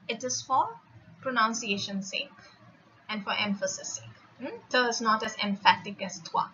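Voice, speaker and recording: A woman's voice: fairly high pitch, pushed and bright. A woman French teacher giving a recorded lecture over slides, patiently explaining and checking in with her students. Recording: slightly muffled with faint noise.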